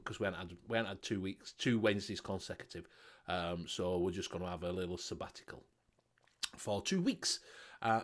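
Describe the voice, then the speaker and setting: A man from the United Kingdom hosting a casual chat show, exasperated and swearing a lot. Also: lowish voice. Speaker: host.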